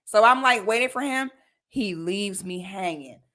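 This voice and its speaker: A woman telling a personal story on a livestream in a casual, animated, slangy way. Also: mid-range voice, measured pace, noisy background.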